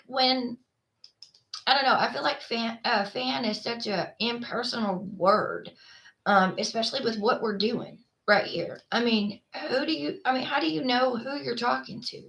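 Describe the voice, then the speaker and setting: A woman's voice: fairly high pitch, sharp tone. A woman hosting her own vlog, talking casually to her viewers in a rambling way with lots of fillers and restarts. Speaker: vlog host.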